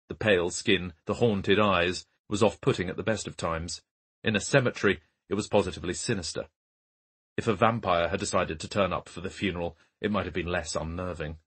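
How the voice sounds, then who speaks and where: A man narrating a mystery audiobook in a low, husky voice. His reading is calm and dry, steady from line to line.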